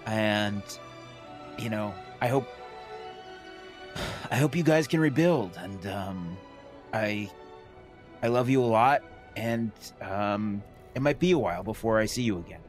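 Hesitant, halting male player. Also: on the low side, faint music behind. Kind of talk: in-character tabletop role-play.

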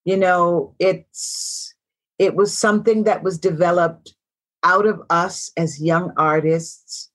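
A woman's voice: fairly low pitch, steady tone, slow pace. A woman in her sixties, a guest actress in an interview, telling stories in a reflective way and repeating phrases for emphasis. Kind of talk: casual interview talk.

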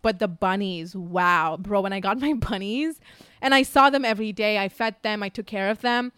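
A woman's voice: medium pitch, moderate pace, fairly bright tone, clean tone, no room sound. A woman in her twenties chatting candidly on a podcast, full of likes and asides. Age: 20s. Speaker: podcast co-host. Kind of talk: casual chat.

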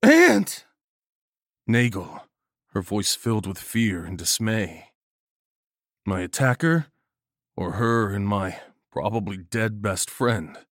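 A man narrating a first-person horror story in a measured, gritty and profane way. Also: lowish voice, dry recording, clean studio sound.

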